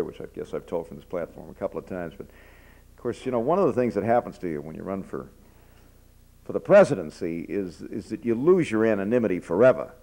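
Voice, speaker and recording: Older guy giving a talk, low gravelly voice, folksy, lots of uh and restarts. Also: dark tone. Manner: folksy storytelling with frequent fillers and restarts. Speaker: speaker addressing students. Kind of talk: informal speech with anecdotes. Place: speaking from a platform to an audience.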